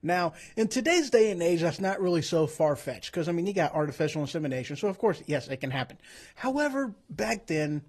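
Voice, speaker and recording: A man's voice: fairly high pitch, animated, fairly quick, few pauses. A man hosting a casual livestream, rambling and going off on tangents, joking at his own expense, and saying he feels like he is coming down with a cold. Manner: rambling, self-deprecating, goes off on tangents. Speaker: streamer host. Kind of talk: casual livestream chat about the Bible.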